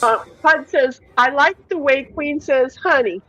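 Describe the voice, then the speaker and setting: A woman's voice: high voice, a little slow, bright, forceful tone, faint music behind, poor audio. A woman hosting a casual livestream, reading viewer comments aloud and chatting freely with occasional swearing. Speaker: livestream host.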